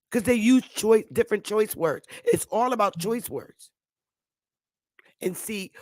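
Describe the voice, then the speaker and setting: A woman's voice: a little high, no room sound, studio quality. A middle-aged woman from Connecticut hosting an online talk show, delivering an insistent livestream monologue and hammering her points home by repeating them. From Connecticut, United States.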